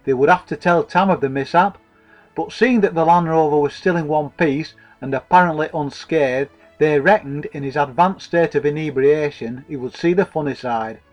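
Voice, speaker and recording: A man's voice: on the high side, moderate pace, highs cut off, faint music behind. A man narrating a comic story in a dry, wordy, mock-formal way.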